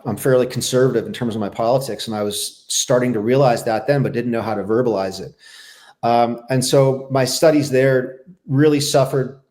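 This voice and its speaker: A man's voice: medium pitch, darkish tone. Reflective man telling his recovery story. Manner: reflective, halting, with many restarts. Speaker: podcast guest, former Navy SEAL. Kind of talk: candid personal storytelling.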